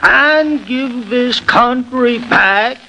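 A man impersonating an older male attorney who pleads slowly in a 1940s radio impression, swooping between high and low. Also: vocal fry, bright, forceful tone, faint music behind, full character voice, rough recording. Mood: pleading.

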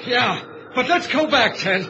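An actor with an Irish accent playing a worried, urgent trapper in an old radio drama. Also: male voice, extremely high pitch, lively intonation, measured pace, exaggerated voice. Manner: uneasy, urgent. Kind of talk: vintage radio drama acting. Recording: muffled noisy old radio recording.

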